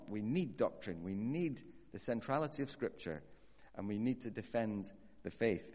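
A man preaching a sermon earnestly, slowing down to stress key phrases. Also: medium pitch, a little mellow. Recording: dull audio with long hall reverb.

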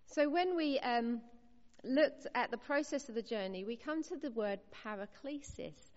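A woman preaching a sermon, earnest and encouraging, her voice sitting a little high. She speaks in measured phrases with pauses. The recording is slightly muffled, with a long reverb from a large hall.

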